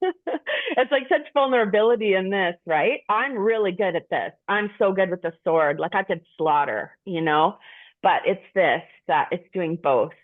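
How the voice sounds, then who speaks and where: A woman's voice: mid-range voice, lively intonation, unhurried. A middle-aged woman candidly sharing personal stories with a group, frank and profane, rambling with restarts. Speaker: group participant. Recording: tinny phone-like sound.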